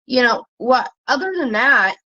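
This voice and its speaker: A woman ranting casually on her own channel, blunt and profane, rambling and jumping in pitch when she gets worked up. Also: expressive, unhurried, pushed and bright, highs cut off. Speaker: commentary vlogger.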